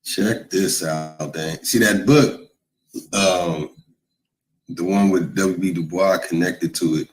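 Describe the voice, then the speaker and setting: A man talking as a guest in a casual live stream chat, laid-back and quick to laugh. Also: low-pitched, low-quality recording.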